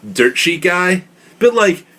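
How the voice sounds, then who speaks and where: A man's voice: high voice, big pitch swings, slow, bright, forceful tone. A man co-hosting a casual podcast who drops joking, wisecracking asides. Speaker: podcast co-host. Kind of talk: casual chat.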